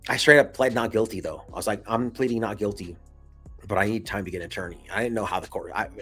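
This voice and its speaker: A vlogger in his thirties, speaking low with a fairly bright tone and a breathy edge, casually tells a personal story straight to camera. He uses plenty of slang and swearing and laughs between lines.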